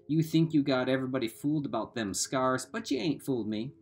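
A man's voice: mid-range voice, fairly quick, a little mellow, husky, soft background music. A man reading aloud and voicing a crude teenage boy who mocks his friends in coarse slang. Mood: taunting. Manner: coarse backwoods slang, mocking.

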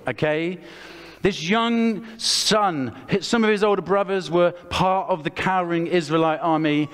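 A man with an English accent preaching a lively storytelling sermon, acting out the characters as he tells the story. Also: on the high side. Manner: animated, acts out the characters' voices. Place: church hall. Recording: long hall reverb.

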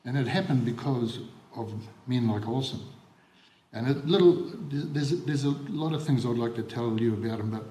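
Older New Zealand man, halting eulogy. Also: medium pitch, mellow. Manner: halting, repeats words, many ums. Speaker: former rugby league coach giving a eulogy. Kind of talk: funeral eulogy, reminiscing. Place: funeral service hall. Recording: echoey hall on livestream.

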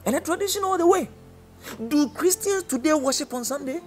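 Impassioned Ghanaian preacher, high lively voice. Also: male voice, brisk, faint music behind. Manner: impassioned, swings between low and crying out. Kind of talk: sermon.

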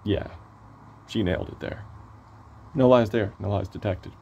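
Hoarse, excitable man reviewing music. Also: lowish voice, unhurried, lo-fi sound. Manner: excitable, swears, gushing praise. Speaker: album reviewer. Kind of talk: casual enthusiastic review.

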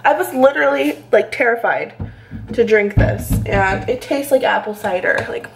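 A woman's voice: medium pitch, a little slow, slight background noise, low-quality recording. A young woman vlogging casually at home, reacting dramatically and squeamishly as she talks through a recipe. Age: young adult. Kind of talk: casual vlog chat.

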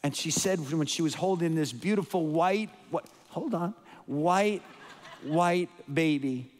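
A man's voice: a little high, normal speed, a little mellow. A man giving a storytelling sermon as a guest preacher, emotional and rambling, with frequent restarts and repeated words. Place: church sanctuary. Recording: long hall reverb.

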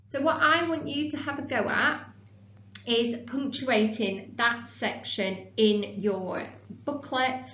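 A woman teacher explaining punctuation and reading a novel aloud in a clear, measured way, recorded in a classroom. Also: fairly high pitch, fairly bright tone. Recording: echoey room, dull sound, faint hum.

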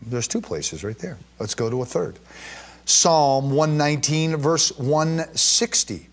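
A man from Jerusalem teaching the Bible to a live and streaming audience, reading verses with emphatic stress and stumbling through quick restarts. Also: on the high side, expressive.

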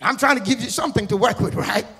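A male guest pastor preaching an Easter sermon, firing repeated questions at the congregation and building into shouted, sing-song crescendos. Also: sits high, quick pace, husky. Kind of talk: Easter sermon with call-and-response. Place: church sanctuary. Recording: church hall reverb with music.

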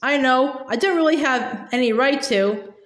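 A woman voicing a gentle, apologetic teenage girl, speaking softly and hesitantly while reading a storybook aloud. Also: sits high, unhurried, roomy sound. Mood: sad.

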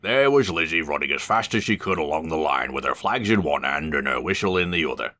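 A man reading a children's story aloud, expressive and animated. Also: a bass voice, brisk.

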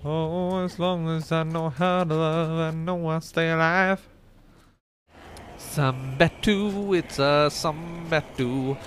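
A man's voice: fairly high pitch, fairly even intonation, takes it slowly, a bit bright, a little hiss or hum. A man streaming, rambling goofily and mock-ranting in casual banter. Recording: music playing behind the voice.

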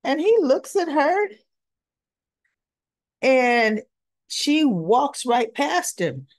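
A woman's voice: high voice, very animated, very slow, no echo. A woman hosting a daily soap opera recap, retelling scenes in a chatty way and acting out the characters' lines. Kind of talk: casual recap narration.

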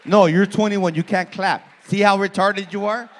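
A man in his forties doing crowd-work stand-up in a comedy club, loud and profane, teasing people in the audience. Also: sits high, fairly even intonation, normal speed. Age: 40s.

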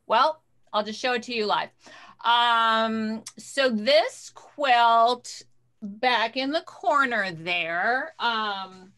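Woman quilter guesting on a video call; bright, chatty, casual. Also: fairly high pitch, very slow. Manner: chatty, scattered while fumbling with screen sharing.

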